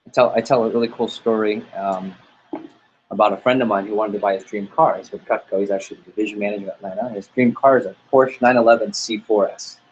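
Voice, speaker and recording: A man's voice: on the low side, fairly even intonation, fast talker, husky, highs cut off. A man leading a sales team training talk, upbeat and motivational, acting out little dialogues as he goes. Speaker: sales office manager.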